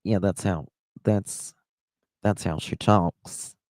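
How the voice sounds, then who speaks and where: A man's voice: sits low, fairly even intonation, slow pace, darkish tone, no echo. A man with a Southern accent hosting a live stream, telling stories in a chatty, rambling way. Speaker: livestream host. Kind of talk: casual live-stream chat.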